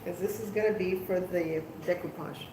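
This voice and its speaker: A woman's voice: lowish voice, fairly even intonation, normal speed. Chatty woman livestreaming her crafting. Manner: chatty, self-deprecating, talks to viewers. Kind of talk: casual live crafting chat. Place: at home, moving outdoors. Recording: roomy home echo, faint background noise.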